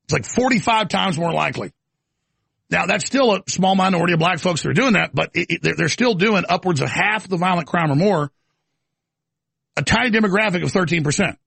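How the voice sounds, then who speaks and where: A man's voice: high voice, expressive, fairly quick, a bit bright, dry recording. A man hosting a live talk show, ranting in heated, rambling commentary with stammering restarts. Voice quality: gravelly. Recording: live studio broadcast.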